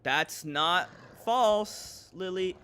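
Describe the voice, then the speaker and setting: A young man streaming gameplay, joking with chat and breaking into sudden shouts. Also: sits high, extremely slow, a little hiss or hum. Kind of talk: live gameplay commentary.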